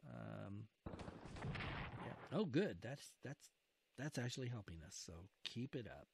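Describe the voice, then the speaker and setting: A man's voice: medium pitch, expressive, takes it slowly, gravelly, slightly rough. A man playing a strategy wargame who comments casually, urges his units on and reacts to each turn with groans and cheers. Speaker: wargame video host. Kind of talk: casual let's-play commentary.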